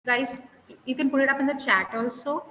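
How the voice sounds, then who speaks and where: Speaking at a normal speed in a high-pitched, steady, sharp-toned voice, an interview trainer gives a live online class on soft skills. She quizzes the students and leans on key words. Long reverb fills the echoey room, with faint hiss underneath.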